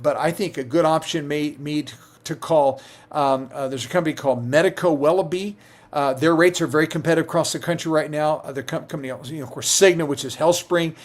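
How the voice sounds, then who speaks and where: A middle-aged Medicare insurance agent with a fairly high-pitched voice answers viewer questions during a live stream. He talks conversationally, with lots of fillers and restarts.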